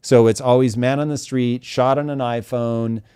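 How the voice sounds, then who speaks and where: A man's voice: medium pitch, fairly even intonation, normal speed, dark tone, smooth, no echo, clean studio sound. A man hosting a live talk show, chatting casually and animatedly, swearing freely and stretching out words for emphasis. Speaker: show host.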